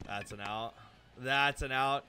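A young man giving live gameplay commentary, excitable and self-deprecating, breaking into shouts when plays go wrong. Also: mid-range voice, takes it slowly, heavy background noise. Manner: self-deprecating, hard on himself. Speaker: gaming YouTuber.

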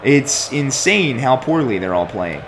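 A man's voice: mid-range voice, big pitch swings, measured pace, slight background noise. A young man commenting on his own soccer video game play, complaining and swearing at his team. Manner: exasperated, complaining, swears often. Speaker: gaming commentator.

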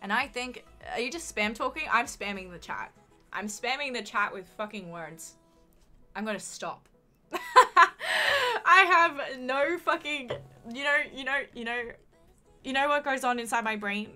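Aussie girl streaming, rambly and sweary, bright higher voice, bit of music under it. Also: expressive, moderate pace. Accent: Australian. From Queensland, Australia. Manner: rambling, swearing, jokey, frequent laughs. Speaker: livestreamer. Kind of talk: casual live-stream chat.

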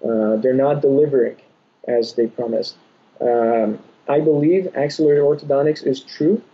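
A young adult man, an orthodontist guest, answering podcast interview questions in a measured, explanatory way with frequent pauses. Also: mid-range voice, slightly rough. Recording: dull lo-fi audio.

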